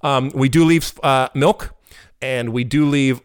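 A middle-aged man co-hosting a soccer podcast in casual chat, talking in animated bursts and often repeating words. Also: mid-range voice, a little slow, clear, resonant tone. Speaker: podcast co-host.

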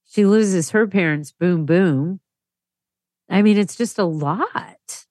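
A woman's voice: fairly low pitch, slow, darkish tone, no echo. A woman co-host chatting engagedly about a story she heard. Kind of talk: casual discussion.

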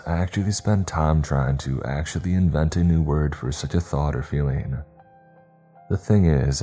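A man's voice: extremely low pitch, warm tone. A man reading a scripted first-person horror story with dramatic, tense storytelling. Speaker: narrator.

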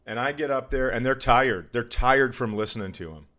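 A man hosting a podcast, telling a crude, animated story about a rough comedy show and mocking hecklers in put-on voices. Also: medium pitch, normal speed. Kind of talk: casual storytelling chat.

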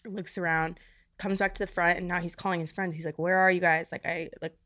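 A woman's voice: on the low side, flat delivery, a little fast, fairly bright tone, no echo, clean studio sound. A young woman co-hosting a podcast, chatting casually in a self-mocking way with frequent restarts. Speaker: podcast co-host. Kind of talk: casual chat.

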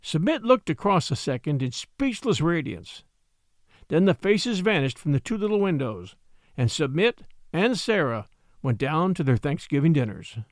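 A man narrating a classic short story, reading in an expressive, measured way. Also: on the high side, no room sound, clean studio sound. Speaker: narrator and podcast host.

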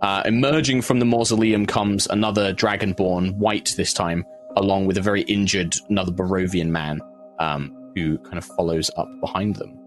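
A man narrating as game master, describing scenes in loose, halting phrases. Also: sits low, fairly even intonation, faint music behind. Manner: loose, hesitant narration with fillers.

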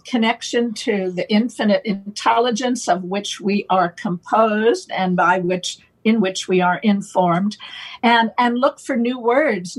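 A woman guest explaining playful wordplay in a relaxed conversational way, slow and deliberate, laughing now and then. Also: mid-range voice, poor audio. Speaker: guest on a talk show.

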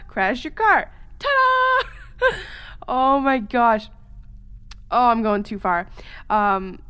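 A young adult woman from Canada hosting a podcast, talking casually with jokes, giggles and apologetic asides. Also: medium pitch. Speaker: podcast host. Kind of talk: casual solo podcast chat.

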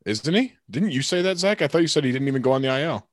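A man co-hosting a podcast, chatting casually with quick joking asides and acted-out quotes. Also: fairly high pitch, lively intonation, dry recording, studio quality. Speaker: podcast co-host, baseball player. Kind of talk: casual chat.

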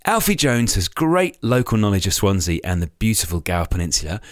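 A man's voice: on the low side, very animated, a little fast, no echo, studio quality. A man co-hosting a cycling podcast, reading club notices in an upbeat, chatty way. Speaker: podcast co-host. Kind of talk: casual chat.

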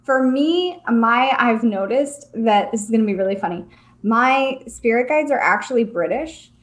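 A young woman with a slightly high voice talks casually as a podcast co-host. She sounds earnest and reflective, and she sinks lower when she stresses a point. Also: expressive, moderate pace. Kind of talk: casual chat.

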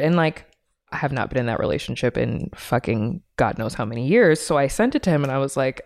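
A woman's voice: very deep voice, very animated, fairly quick. A woman in her thirties, a podcast guest, talking candidly in a blunt, swearing, laughing casual chat.

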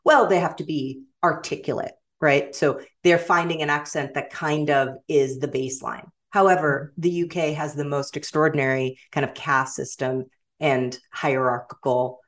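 A middle-aged woman with a general American accent, chatting as a guest author, animated and quick to laugh, often restarting her sentences. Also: low voice. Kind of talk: casual interview chat.

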